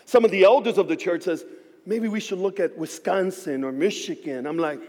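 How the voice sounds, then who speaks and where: A man preaching and telling a story to his church. He acts out the voices in his dialogue, moving between hushed lines and shouts. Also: sits high, normal speed. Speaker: pastor. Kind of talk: sermon storytelling. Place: church sanctuary. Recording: hall reverb.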